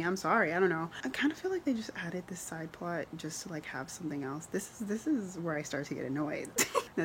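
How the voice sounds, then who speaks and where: A woman's voice: on the low side, lively intonation, brisk, slight background noise. A young woman filming a casual book vlog, gushing and emotional, often laughing as she talks. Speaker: book vlogger. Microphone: camera mic.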